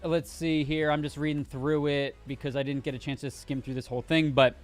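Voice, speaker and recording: Guy cohosting a gaming show, kinda high pitched, stumbles and restarts a lot while reading stuff out. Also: flat delivery, fairly quick, soft background music. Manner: rambling with restarts, reads news aloud. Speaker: co-host. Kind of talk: casual gaming news chat.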